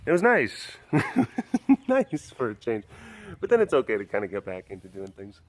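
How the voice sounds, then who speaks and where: A man's voice: on the low side, huge pitch swings, moderate pace. A man filming outdoors at a big cat sanctuary. He talks in a playful, teasing way and drops into baby talk with the cats. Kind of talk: casual vlog talking to the camera and to tigers.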